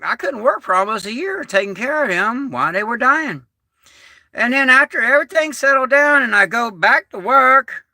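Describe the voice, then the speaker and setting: Middle-aged male livestream host, folksy storyteller, still getting over being sick, lively up-and-down delivery. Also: very high-pitched, dry recording, studio quality. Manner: folksy, rambling, animated. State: recovering from illness. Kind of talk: casual livestream chat.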